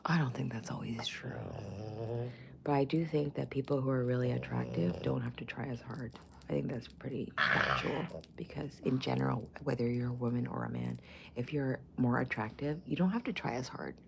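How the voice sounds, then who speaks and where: A woman's voice: rumbling low, expressive, moderate pace, vocal fry, background noise. A middle-aged woman vlogging in casual chat, blunt, profane and opinionated.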